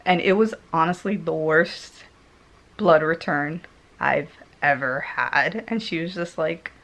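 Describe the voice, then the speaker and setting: A woman vlogger telling a personal story in a casual way, laughing often and swinging between loud and hushed tones. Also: low-pitched, takes it slowly, vocal fry.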